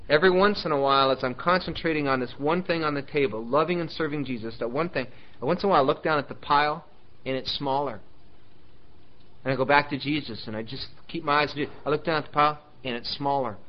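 A male pastor preaching a sermon, animated and emphatic, dropping now and then to soft, intimate asides. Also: a little high, lo-fi sound.

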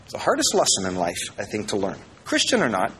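A pastor from Iowa preaching a sermon, reading verses and adding jokey asides, swinging between loud and quiet. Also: male voice, on the low side, huge pitch swings, fast, in a large hall, a little hiss or hum, rough recording.

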